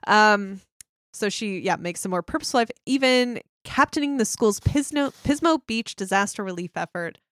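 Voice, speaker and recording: A woman's voice: mid-range voice, animated, normal speed, dry recording, clean studio sound. Laughing young woman, casual film chat. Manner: laughs often, reads plot summary aloud. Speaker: podcast co-host.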